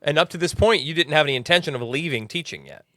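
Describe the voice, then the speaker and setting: A man's voice: a little high, fast talker, pushed and bright. A man hosting a podcast and interviewing a guest, often stammering on his first words. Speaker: podcast host.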